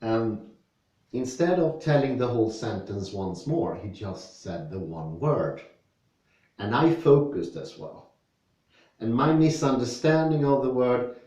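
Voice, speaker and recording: A Swedish-accented man talks through a philosophy text at a slow, unhurried pace, his voice low and mellow. He sits back from the microphone in a very echoey room, so every word rings around him. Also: distant mic. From Sweden. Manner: slow, thoughtful, reads passages aloud then explains with personal stories. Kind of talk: reading and discussing philosophy.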